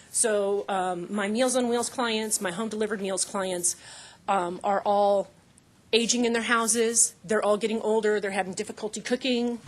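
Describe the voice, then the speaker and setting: A woman, a nutrition services manager, giving a presentation at a council meeting in a halting way with many fillers and restarts. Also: mid-range voice. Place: meeting room.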